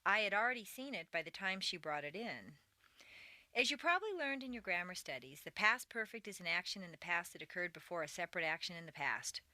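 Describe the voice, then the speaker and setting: A woman reading a scripted English pronunciation lesson, with clear, deliberate speech and exaggerated intonation in the drills. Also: on the low side, expressive, sharp tone, no echo. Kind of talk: scripted audio lesson narration.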